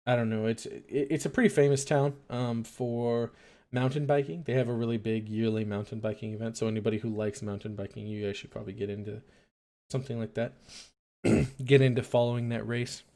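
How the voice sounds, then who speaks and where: A man's voice: medium pitch, steady tone, fairly quick, warm tone. A young man hosting a late-night talk stream in his home setup, musing aloud in a rambling, hesitant way full of fillers. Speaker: late-night radio-style stream host. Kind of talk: casual rambling monologue.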